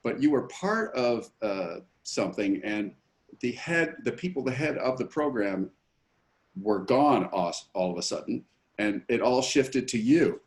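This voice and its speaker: A man hosting a podcast and interviewing a guest with long, measured questions. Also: mid-range voice, animated. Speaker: podcast host.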